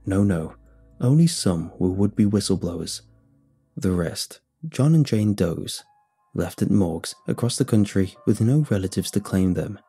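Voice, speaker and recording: A calm, menacing government agent, as a male narrator puts him on, speaks slowly and evenly. The voice is low and mellow, with a very husky, breathy grain. A faint music bed sits underneath. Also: heavily acted. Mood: explaining. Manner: cool, measured, threatening.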